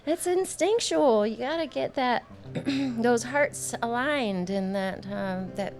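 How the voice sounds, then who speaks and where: Her voice a little high and darkish, this woman speaks slowly with lively intonation from a small music club stage. Performing live, the singer-songwriter fills time between songs with rambling, self-deprecating jokes and frequent laughter while guitar plays under her words.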